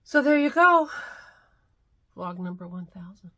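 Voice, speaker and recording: A middle-aged woman hosting her daily vlog, talking heartfelt and soft, sometimes dropping to near-whispers. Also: fairly low pitch, sing-song, a little slow. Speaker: vlog host. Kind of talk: casual morning vlog talk.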